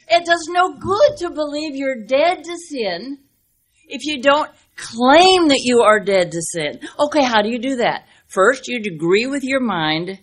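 A woman's voice: high-pitched, animated. Emphatic older woman preaching a sermon. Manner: earnest, emphatic, speeds up and slows down for stress; folksy storytelling with acted-out dialogue. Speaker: speaker at a women's Bible teaching.

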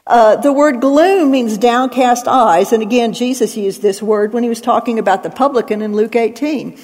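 A woman's voice: a little high, expressive, normal speed, few pauses, darkish tone. Woman teaching scripture in an echoing hall. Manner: emphatic, numbered points with scripture references. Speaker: Bible teacher. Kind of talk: expository Bible teaching. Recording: long hall reverb.

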